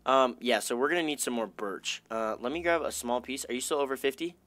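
A man's voice: medium pitch, fairly quick, no echo. Chatty young man narrating gameplay. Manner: chatty, self-talking, upbeat, bursts of excitement. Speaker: gaming YouTuber. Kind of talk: casual gameplay commentary.

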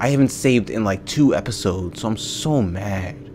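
A man's voice: fairly low pitch, animated, normal speed, a little mellow, a little hiss or hum. A young man hosting a let's play, exasperated and ranting at the game, swearing often. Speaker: gaming video host.

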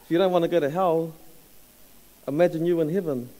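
A man in his thirties with a New Zealand accent, telling a story in a casual, halting sermon with fillers and laughs. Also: on the high side, fairly even intonation, warm tone, rough recording. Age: 30s. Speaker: church speaker.

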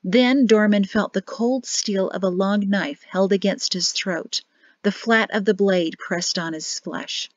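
A woman's voice: medium pitch, measured pace, no echo. Woman narrating an audiobook, dull dry sound. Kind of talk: scripted narration.

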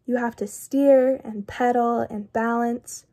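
A fretful storybook walrus, read by a young woman who frets aloud in a slow, rambling voice. The voice sits fairly high, with a gravelly edge of vocal fry. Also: fairly even intonation, mellow. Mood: worried. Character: anxious fretful male walrus.

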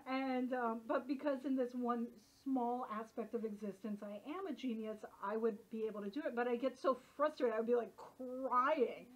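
Workshop leader, woman, lively casual talker, slightly high pitch, muffled lo-fi sound. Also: moderate pace, few pauses. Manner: chatty, animated, uses filler like. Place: workshop room. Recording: dull lo-fi recording.

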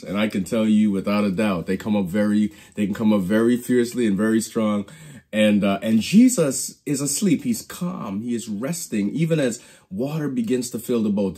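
Male Bible teacher, preacherly storyteller, dark and slightly husky, restarts phrases. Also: lowish voice. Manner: preacherly storytelling, acts out quoted lines. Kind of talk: Bible study lesson.

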